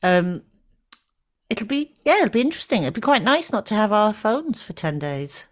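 A middle-aged woman co-hosting a podcast in casual chat, talking easily with fillers and gentle teasing. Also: mid-range voice, big pitch swings, normal speed. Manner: chatty, warm teasing, trailing fillers. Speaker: podcast co-host.

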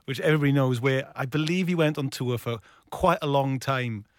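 A man's voice: mid-range voice, brisk, dry recording, studio quality. A man from Wales hosting a chatty interview, asking questions and laughing along. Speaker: interviewer host. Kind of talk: casual interview chat.

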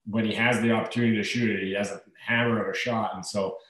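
A man's voice: lowish voice, flat delivery, quick pace, a bit bright. A man in his thirties, a hockey player guest in a casual interview, talking in an easygoing, rambling way with fillers. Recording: echoey room.

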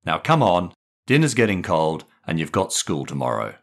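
A kind, patient father, as a male narrator voices him. He speaks softly and reassuringly, in a lowish voice with a lively, varied lilt. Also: moderate pace, heavily acted. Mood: gentle.

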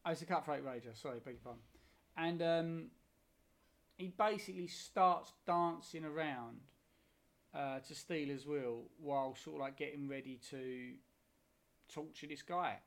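A man's voice: a little high, measured pace, creaky. A man, chatting about films on a podcast, enthusiastic and rambling. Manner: enthusiastic, rambling, swears casually. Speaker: podcast co-host. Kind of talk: casual chat about films.

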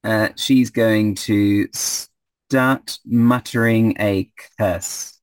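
Man, game master, tabletop game, low voice, hesitant fillers, dry close mic. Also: steady tone, extremely slow, no echo.

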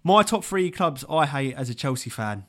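Man, young adult, podcast co-host, casual chat, easy laughs, medium pitch. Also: sing-song, normal speed, a bit bright. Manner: chatty, laughs easily, says mate a lot.

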